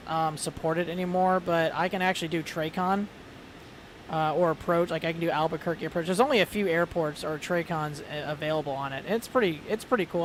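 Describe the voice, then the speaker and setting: A chatty man talks loosely and rambles, packing his sentences with fillers. His voice sits a little high. A faint hiss of noise runs under the recording. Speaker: flight sim streamer. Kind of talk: casual chat.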